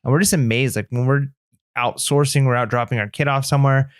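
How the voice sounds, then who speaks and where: A man's voice: medium pitch, steady tone, quick pace, clear, resonant tone, no echo. Man on a podcast mic, mid voice, rambles earnestly, lots of "like", dry room. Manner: earnest, rambling, many "like" fillers. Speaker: podcast co-host. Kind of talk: casual podcast chat.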